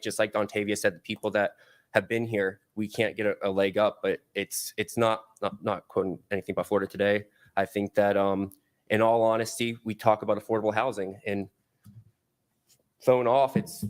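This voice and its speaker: A man giving public comment at a county commission meeting podium, halting at first and then rattling off policy terms. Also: fairly low pitch. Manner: halting, with fillers, then fast and technical.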